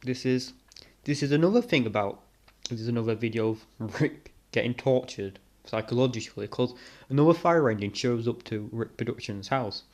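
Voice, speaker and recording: A man's voice: mid-range voice, normal speed, darkish tone. Mocking young man reacting to clips. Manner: mocking, rambling, many fillers. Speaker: reaction video host. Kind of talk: casual commentary over clips.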